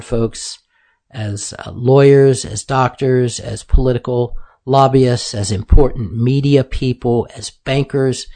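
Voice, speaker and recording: A man talking straight to his listeners in a loose, chatty monologue. He keeps addressing them directly and fills pauses with hesitations. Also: mid-range voice, mellow. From United States. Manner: conversational, keeps saying "folks", many fillers. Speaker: commentator host. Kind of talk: casual monologue commentary.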